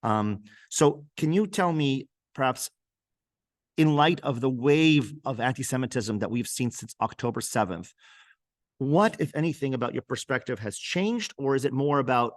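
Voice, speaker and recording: A man's voice: mid-range voice, animated, moderate pace, no room sound, studio quality. A man hosting a podcast interview, French his first language, talking earnestly and thoughtfully with some restarts. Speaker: podcast host. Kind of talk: conversational interview.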